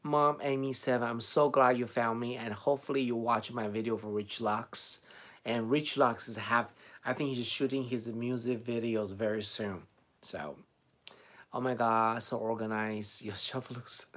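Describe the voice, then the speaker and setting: A man's voice: medium pitch, steady tone, unhurried, fairly bright tone. Chatty man with a Chinese accent. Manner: chatty, laughs often, reads out viewer comments. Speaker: beauty vlogger answering live chat. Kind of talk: casual live stream chat.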